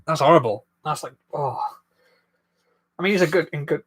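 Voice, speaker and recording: Chatty man with a bright voice. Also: on the high side, normal speed, husky. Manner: chatty, rambling and self-deprecating, reads viewer comments aloud. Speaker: live-stream host building a toy set. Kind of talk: casual live-stream chat.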